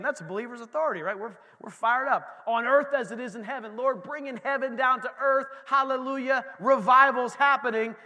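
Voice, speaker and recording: A middle-aged male pastor preaching a sermon with fervor, swinging between shouts and quiet asides. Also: high-pitched, animated, normal speed, big-room sound.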